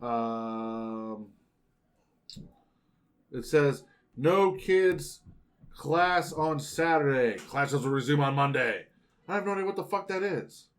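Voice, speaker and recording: A man co-hosting a loose, casual chat with a friend. His pitch swings widely as he gets excited, he curses freely, and he slips into playful mimicry of other people. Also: takes it slowly, long pauses. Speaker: podcast co-host.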